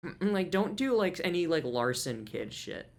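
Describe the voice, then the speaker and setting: A man's voice: on the high side, very animated, normal speed, creaky. A man co-hosting a podcast in casual chat, rambling and profane, often breaking into laughter. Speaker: podcast co-host.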